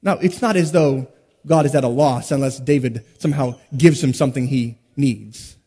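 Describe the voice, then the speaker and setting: A man preaching an expository sermon, with emphatic stresses, sudden hushed drops and rhetorical questions. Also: medium pitch, breathy edge. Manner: rhetorical questions and dramatic pauses. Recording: long hall reverb.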